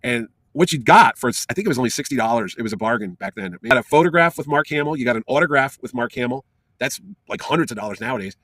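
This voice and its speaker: Middle-aged man, fast talker, lively anecdote, interview, dry close mic. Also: mid-range voice, no echo. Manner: lively, animated storyteller with fillers. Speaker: comic convention organizer telling an anecdote.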